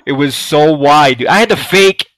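A man's voice: fairly high pitch, normal speed, fairly bright tone, poor audio. A man co-hosting a podcast in crude casual chat, telling stories and acting out both sides of conversations with frequent laughs. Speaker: podcast co-host.

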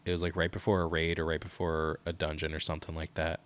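Co-hosting a laid-back parenting podcast, this man in his thirties talks fast in a very deep voice. His casual storytelling is animated and frequently interrupted by his own laughter.

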